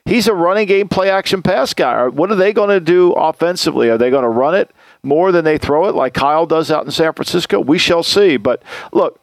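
A man's voice: on the high side, lively intonation, fairly quick, dry recording. A man hosting a sports podcast, talking football in a blunt, opinionated way with many restarts. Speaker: podcast host, football analyst. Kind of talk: casual sports talk.

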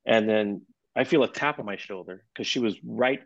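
A man being interviewed as a guest percussionist, telling lively stories with lots of "you know" and casual swearing. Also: lowish voice, moderate pace, creaky, no echo. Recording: dull, lo-fi, dry sound.

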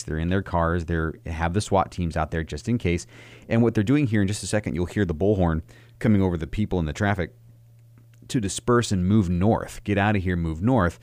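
A man's voice: low voice, darkish tone, dry recording. A man giving indignant opinion commentary over a video, ranting with frequent fillers.

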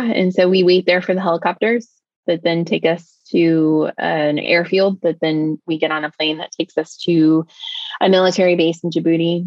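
A woman's voice: deep voice, no echo, dull audio. A woman from the United States, a guest on an interview show, retelling a frightening personal story in vivid, breathless detail, full of "like" fillers.

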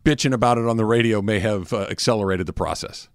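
A man's voice: fairly low pitch, fast talker, no room sound, clean studio sound. A man hosting a radio show, chatting casually and telling stories with frequent laughter. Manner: laughs often, animated storytelling.

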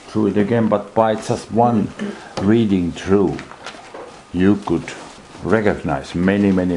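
A man's voice: deep voice, mellow, a little hiss or hum, low-quality recording. A man leading a Bible study, reading verses aloud and then explaining them. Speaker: Bible teacher.

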